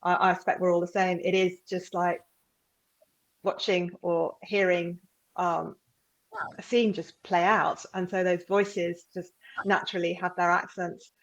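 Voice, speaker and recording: A woman's voice: lowish voice, level tone, unhurried, lo-fi sound. A woman author thinking aloud in an easygoing way on a panel over a video call. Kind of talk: casual panel discussion.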